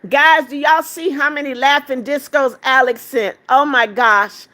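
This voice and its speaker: A woman with a high, steady voice hosts a livestream, taking her time as she reads out viewer comments. Her manner is affectionate; she calls everyone darling and laughs as she counts out the gifts.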